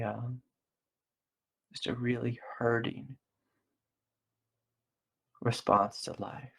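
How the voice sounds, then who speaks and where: A middle-aged man giving a gentle, slow spiritual talk as a meditation teacher, repeating phrases softly. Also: mid-range voice, gravelly, husky. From United States. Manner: slow, gentle and soft-spoken with repetitions.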